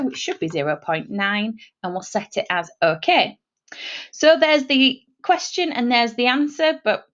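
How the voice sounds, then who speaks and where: A woman who teaches math explains a whiteboard tool step by step in a screen-recorded tutorial. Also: fairly high pitch. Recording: dull lo-fi sound.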